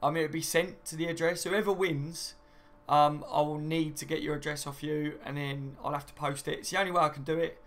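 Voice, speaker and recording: A man's voice: on the high side, flat delivery, brisk, fairly bright tone. A young man hosting a live stream, reading out viewer comments in a chatty, matey way. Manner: chatty and matey, often says "mate" and "do you know what I mean".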